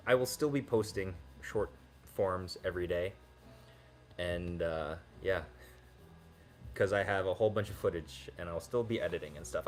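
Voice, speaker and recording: A man hosting a casual livestream from his home kitchen, chatting with viewers and cooing baby talk at his dogs. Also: deep voice. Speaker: livestream host. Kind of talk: casual livestream chat while cooking.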